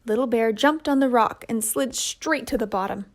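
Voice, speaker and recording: A woman telling a children's puppet story in a gentle, measured way. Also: on the high side.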